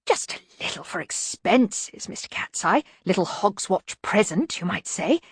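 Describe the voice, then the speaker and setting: A woman reading an audiobook voices a neat, precise veteran thief with a soft, half-whispered voice. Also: mid-range voice, big pitch swings, a little slow, breathy edge, no echo, studio quality, heavily acted. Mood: calm. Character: neat, precise older thief, calm and fussy.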